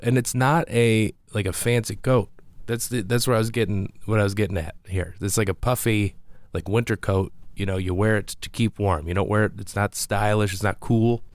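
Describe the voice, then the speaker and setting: A man's voice: lowish voice, brisk, no room sound. A man, a comedian, telling a rambling, self-deprecating story in a casual monologue with frequent restarts.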